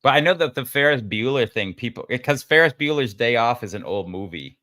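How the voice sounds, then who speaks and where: A man's voice: mid-range voice, animated, a little fast, sharp tone, a little hiss or hum. A man hosting a casual podcast chat, fussing over how words are pronounced and rambling through restarts. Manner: pedantic about pronunciation, rambling with many restarts. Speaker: podcast host.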